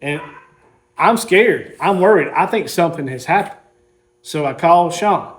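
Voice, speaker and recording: A man's voice: on the high side, expressive, measured pace. A man, casually telling a rambling story while showing his car collection. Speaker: car hobbyist host.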